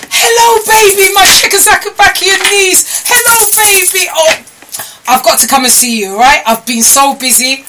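A woman's voice: a little high, sharp tone. Chatty woman live streaming. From London. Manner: chatty storyteller with exclamations and laughs. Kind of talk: casual live stream chat. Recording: slightly distant mic with noise.

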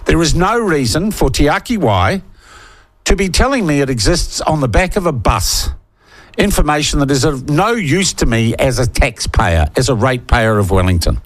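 A New Zealand man hosting talkback radio with a blunt, indignant delivery, driving his arguments home through repetition. His voice sits a touch high for a man. The studio sound is close and dry. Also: expressive, normal speed, dry recording. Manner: blunt, indignant, repeats points for emphasis.

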